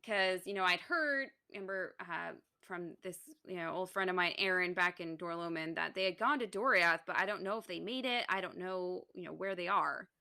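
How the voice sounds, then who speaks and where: A woman's voice: fairly low pitch, moderate pace, creaky, hardly any pauses, sharp tone. A woman co-hosting a podcast, casually retelling a story, reading passages aloud and laughing often. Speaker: podcast co-host.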